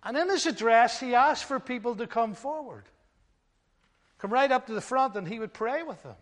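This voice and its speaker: An older man preaching a sermon as pastor, emphatic, swinging between loud stresses and hushed asides. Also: very high-pitched, animated, moderate pace. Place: church hall. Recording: long hall reverb.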